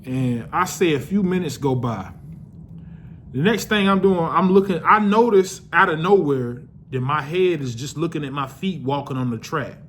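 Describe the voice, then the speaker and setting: A young man spinning a casual storytime monologue, his voice sitting a little high for a man. He talks loosely and profanely, circling back with restarts. Faint room ambience hangs behind him. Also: expressive, moderate pace, fairly bright tone, slight background noise. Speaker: vlogger telling a personal story.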